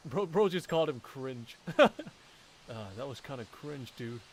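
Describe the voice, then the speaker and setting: A man's voice: mid-range voice, lively intonation, unhurried, a little hiss or hum. A man, a voice actor, reading a visual novel aloud with casual, wry asides. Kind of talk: game playthrough reading and commentary.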